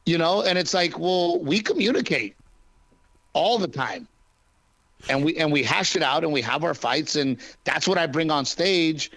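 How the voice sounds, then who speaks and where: Male comic guest, quick joking delivery, upper voice, dry studio feel. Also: a little high, animated, fairly bright tone, no room sound. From Texas. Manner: quick, joking, restarts often. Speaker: stand-up comedian, guest. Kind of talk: casual interview chat.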